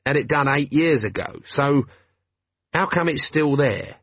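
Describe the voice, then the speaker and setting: A man's voice: on the high side, animated, a little slow, breathy edge, dry recording, dull audio, pitched above the performer's own voice, exaggerated voice. A man playing a cheeky, chatty watchman who rambles.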